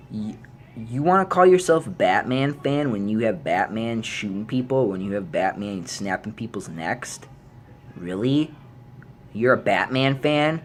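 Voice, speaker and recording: A man vlogging an angry movie rant, swearing freely and jumping into high yells when outraged. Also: lively intonation, a little slow. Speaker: YouTube vlogger.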